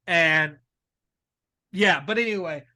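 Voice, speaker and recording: An excitable man co-hosts a casual wrestling chat. His voice sits high and sounds bright and forward, and he gushes about the moments he loves and laughs often. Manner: excitable, gushing, quick to laugh. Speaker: co-host.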